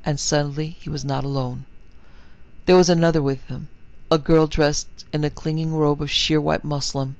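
A man narrating a scripted horror story in a measured, somber, literary manner. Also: a little high, flat delivery, gravelly, a little mellow, no room sound, highs cut off.

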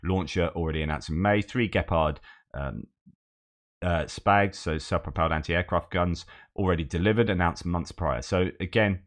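A man with a very low voice hosts a war news update, reading out article passages. He breaks off often for loose, conversational asides and restarts his sentences along the way. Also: moderate pace.

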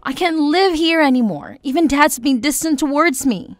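Casting: a woman playing a begging teen daughter, high and bright, dry close sound, soft music under. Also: lively intonation, normal speed, dry recording. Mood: pleading. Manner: pleading, tearful. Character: desperate teenage girl begging her mother.

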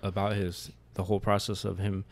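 A man with a deep voice and a rough, gravelly edge, speaking as a podcast guest. He tells his story in a blunt, plainspoken way. His talk is candid and conversational, not scripted. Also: little pitch movement, fairly quick. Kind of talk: candid conversation about grief.

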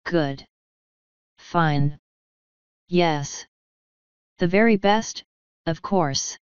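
A faltering, unsure young king in a storybook reading, as a woman reader puts him on. His voice is soft and a little low, with clear, smooth tone and a dry, close sound. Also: extremely slow, no echo, lo-fi sound. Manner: hesitant, faltering. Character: timid, hesitant young male king.

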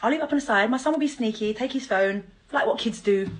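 A woman ranting at her child's father on a live stream, confrontational and mocking, swearing and bursting into loud laughter. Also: on the high side, quick pace, rough recording. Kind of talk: angry live-stream rant.

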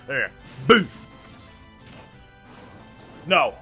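A man hosting excited gameplay commentary, yelling and laughing at the plays. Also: on the high side, slow pace, vocal fry, long pauses, slightly rough, faint music behind. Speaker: gaming channel host.

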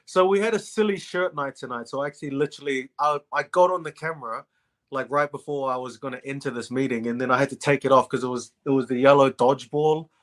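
A man's voice: medium pitch, fast. A man being interviewed as a guest rugby player, chatting in a friendly way and laughing often. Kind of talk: casual interview chat.

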